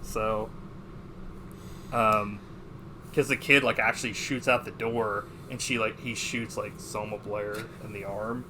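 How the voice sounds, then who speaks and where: A man co-hosting a podcast who retells a movie's plot in a casual, animated way, full of swearing and fillers. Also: lowish voice, a little slow, noisy background. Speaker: podcast co-host. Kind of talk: casual movie review chat.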